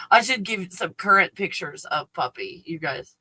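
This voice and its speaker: Blunt, swearing woman streamer, bright voice. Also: fairly low pitch, animated, normal speed, few pauses, husky, low-quality recording. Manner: coos at her dog in baby talk. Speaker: live stream host. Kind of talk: casual live stream chat.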